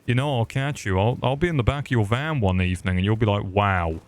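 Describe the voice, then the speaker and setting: A man's voice: medium pitch, animated, fast talker, darkish tone. Man, gaming commentary, crude jokes, rambling banter. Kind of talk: comedic let's-play commentary.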